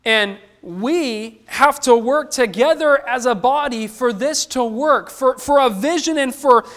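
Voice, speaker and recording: A man's voice: extremely high pitch, unhurried, fairly bright tone. A man preaching a sermon, who asks the listeners questions and acts out the lines of the people he quotes.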